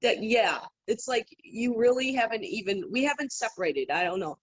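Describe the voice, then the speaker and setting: A woman guest on a podcast, telling stories in an animated, casual way and laughing often. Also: fairly high pitch, moderate pace, husky. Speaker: podcast guest, psychic healer. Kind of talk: casual interview storytelling. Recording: dull lo-fi remote audio.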